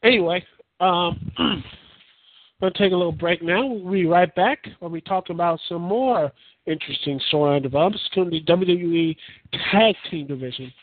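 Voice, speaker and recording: Speaking at normal speed in a high-sitting voice with no room sound, a podcast host delivers casual, solo wrestling commentary. His talk is rambling and opinionated and keeps looping back over the same points, heard through a dry, tinny, phone-like line.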